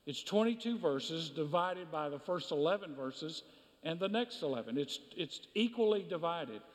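A man with a notably high voice preaches a sermon, hammering points home through repetition. His words ring out with a long reverb in a church sanctuary. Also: lively intonation, normal speed. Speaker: pastor.

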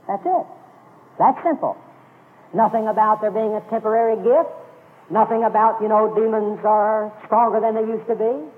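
A man's voice: sits high, level tone, moderate pace, slight background noise. A man preaching a sermon to a congregation, emphatic and repeating his key phrases. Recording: phone-like lo-fi radio broadcast with long reverb.

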